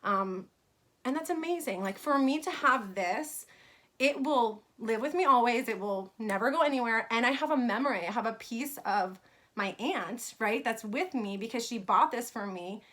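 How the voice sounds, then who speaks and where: A woman's voice: fairly high pitch, expressive, normal speed, a bit bright. A woman in her thirties from New York, telling a personal story in a casual vlog about her fashion brand, chatty with many fillers.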